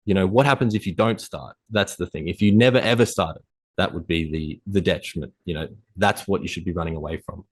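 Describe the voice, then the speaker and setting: Fast-talking, intense low-voiced male coach. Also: no echo. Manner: fast, intense motivational talk, casual swearing. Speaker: coach, podcast guest. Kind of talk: conversational interview.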